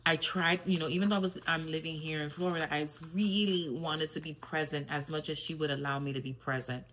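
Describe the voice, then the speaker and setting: A woman's voice: deep voice, fairly bright tone, rough recording. A middle-aged woman hosting a podcast, candidly and reflectively telling personal stories in a casual, filler-filled monologue. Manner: switches briefly into Spanish. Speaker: podcast host.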